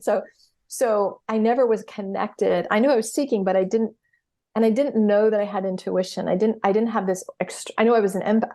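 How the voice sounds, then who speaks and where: A woman's voice: medium pitch, darkish tone. A middle-aged woman speaking as a podcast guest in casual conversation, telling stories with energy and acting out her own reactions. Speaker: podcast guest, healer and coach. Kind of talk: casual interview chat.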